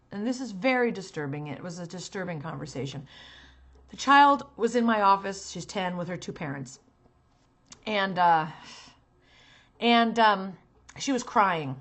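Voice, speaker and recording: In a mid-range voice, a middle-aged talent manager offers parents earnest, emphatic advice, and at times she turns sharp and scolding.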